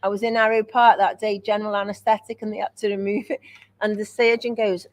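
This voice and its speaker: A woman's voice: mid-range voice, little pitch movement, fast. A woman co-hosting a podcast, telling stories about herself with plenty of laughter. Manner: laughing, self-mocking storyteller. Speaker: podcast co-host. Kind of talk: casual chat, storytelling.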